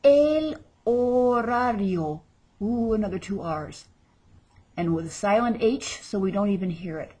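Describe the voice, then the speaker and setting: A woman teaching a vocabulary lesson, drawing out each word slowly as she models pronunciation. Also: medium pitch, darkish tone, breathy edge. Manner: slow, drawn-out model pronunciations. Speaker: Spanish teacher.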